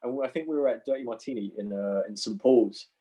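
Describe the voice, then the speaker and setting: Guy on a podcast, relaxed storytelling, low mellow voice, chuckles a lot. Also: fast, husky, low-quality recording. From London. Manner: laid-back, chuckles through anecdotes. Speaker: actor guest.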